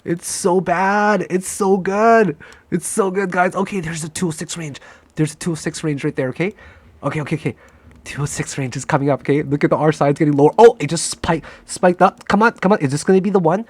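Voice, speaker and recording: Man, high-pitched, dry close sound, live trade commentary, cocky, profane, shouts at the chart. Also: a little fast, breathy edge, no room sound. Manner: excitable, profane, shouts and pleads at the price chart; cocky, joking. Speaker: crypto trader streaming his trades.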